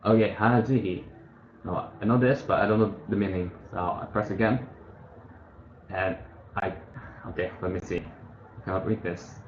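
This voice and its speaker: A man's voice: sits low, moderate pace, pauses often. A man casually walking through a study app on screen, thinking aloud and correcting himself as he goes. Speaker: tutorial host. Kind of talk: casual screen-share tutorial. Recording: muffled, echoey room with faint hiss.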